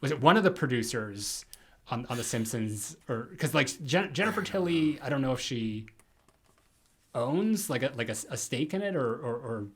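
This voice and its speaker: A man co-hosting a podcast talks casually at a middle pitch. He rambles, circling back with many fillers and restarts as he works through a thought. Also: lively intonation, moderate pace, a bit bright. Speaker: podcast co-host.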